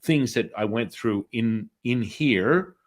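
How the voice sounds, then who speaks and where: Middle-aged male storyteller, lowish voice, chatty interview guest, does the other people's voices. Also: takes it slowly. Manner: animated storyteller acting out quoted voices. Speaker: spiritual healer guest.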